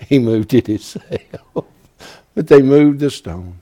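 A male preacher delivering a folksy, dramatic sermon, swinging between hushed whispers and shouts. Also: mid-range voice, expressive, slow.

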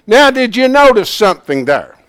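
Animated man teaching a Bible class. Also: very high-pitched, normal speed, smooth, no room sound, clean studio sound. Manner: animated, swings from hushed asides to loud emphasis; folksy, plain-spoken.

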